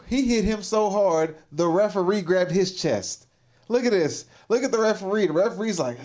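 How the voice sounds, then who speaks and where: A man's voice: sits high, lively intonation, normal speed, noisy background. A man hosting a livestream, giving casual, exclamatory reaction commentary and laughing often. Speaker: livestream host.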